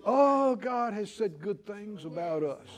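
Guy preaching a sermon, high voice, swoops all over, acts out the bible people. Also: measured pace. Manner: animated, acts out Bible figures with chuckles.

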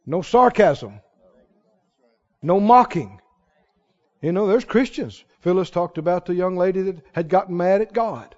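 A man preaching a sermon who swings between quiet asides and shouted exclamations, asking the congregation question after question. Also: high voice, expressive, unhurried, long pauses. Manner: fires rhetorical questions at the congregation. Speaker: pastor. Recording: dull lo-fi recording.

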